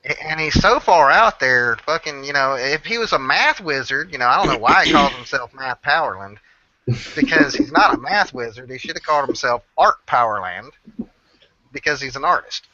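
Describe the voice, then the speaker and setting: A man with a Southern country accent rambles through a casual, swearing-laden chat. His voice is very bright and forceful. The audio is dull and lo-fi. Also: mid-range voice, lively intonation, normal speed, dry recording. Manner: rambling, profane, swears constantly.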